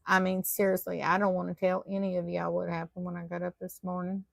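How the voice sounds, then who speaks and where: In a live online craft class, a woman teaching tatting chats with her viewers while she works, poking fun at her own slips. Her voice is low and heavily gravelly, and she talks fast with a completely flat delivery. The recording is close and dry, with no room sound.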